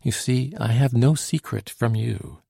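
Earnest, gracious young aristocrat woman, voiced by a male reader, mellow, dry sound. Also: mid-range voice, unhurried, creaky, slightly rough, no room sound, voice pushed up. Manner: gentle, formal and polite.

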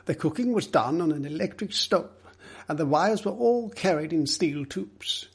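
A man voicing an earnest, excitable gentleman who speaks firmly and insistently. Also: fairly high pitch, unhurried, pitched above the performer's own voice. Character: earnest, excitable male property owner.

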